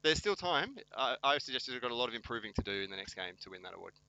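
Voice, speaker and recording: A man's voice: mid-range voice, sing-song, rapid-fire, creaky, bright, forceful tone, smooth, dry recording, low-quality recording. A man giving joking amateur commentary at a local football match, wry, self-mocking and teasing his co-host.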